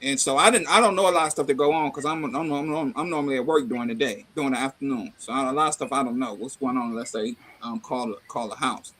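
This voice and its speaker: A middle-aged man chatting casually, telling a family story with lively acted-out dialogue and salty slang. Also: mid-range voice, quick pace, hardly any pauses. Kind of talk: casual chat.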